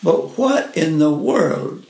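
A man gently reading a first-person family story aloud in an unhurried way. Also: fairly high pitch, expressive, gravelly. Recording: roomy echo.

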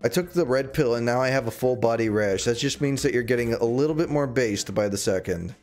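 A man's voice: medium pitch, brisk, a little mellow, faint music behind. A young man chatting casually while streaming a game, rambling with jokey, sarcastic asides. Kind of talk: casual livestream chat while gaming.

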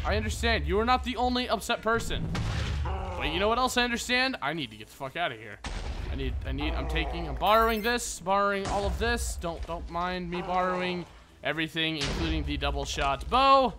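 Man trash-talking his game in high pitch. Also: big pitch swings, a little fast, music in the background. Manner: profane trash talk at game enemies. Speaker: gaming video host. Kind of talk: casual let's play commentary.

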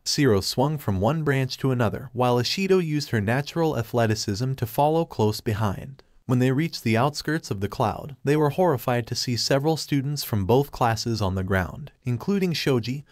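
Man, story narration, steady even reading, dry, no echo, mid pitch. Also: moderate pace, few pauses. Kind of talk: reading fan fiction aloud.

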